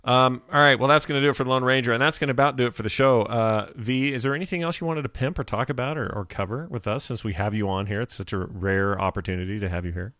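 A man's voice: mid-range voice, fast, few pauses, a bit bright, no echo, studio quality. A man hosting a podcast in a laid-back, joking way, with slang like dude. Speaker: podcast host. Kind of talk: casual chat.

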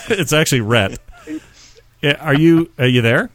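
A man's voice: fairly high pitch, animated, moderate pace, background noise. Joking man hosting a talk show. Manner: joking, laughs often, chatty restarts. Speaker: show host. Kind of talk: casual comedy talk show.

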